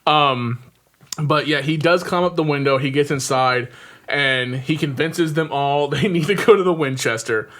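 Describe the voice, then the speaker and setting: A man's voice: on the high side, normal speed, fairly bright tone. A man hosting a podcast, casually retelling a film's plot in a rambling way with frequent ums and chuckles. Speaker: podcast host. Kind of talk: casual film-recap chat.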